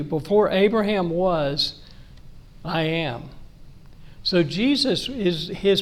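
A man with a high voice preaches a sermon. He reads scripture aloud, then explains it in plain, conversational words. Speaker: pastor.

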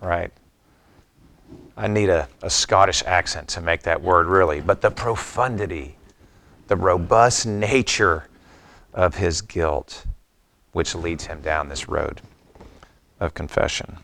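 A middle-aged man delivers a sermon in a reflective, conversational manner. His voice sits very low and has a gravelly, fry-laden edge, and he moves between scripture and personal stories. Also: slow pace, long pauses, fairly bright tone, a little hiss or hum. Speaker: pastor.

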